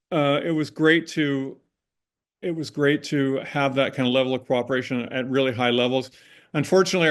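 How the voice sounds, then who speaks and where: An older man, a guest in an interview, telling anecdotes in a casual, rambling way with many restarts and self-corrections. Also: medium pitch. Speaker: interview guest, former prop master.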